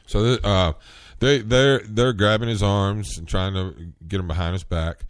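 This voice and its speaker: A man hosting a solo podcast, talking in an earnest, rambling way, getting worked up and rising in pitch at times. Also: steady tone, a little slow, clean tone, no room sound, clean studio sound. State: coughing, clearing throat. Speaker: podcast host.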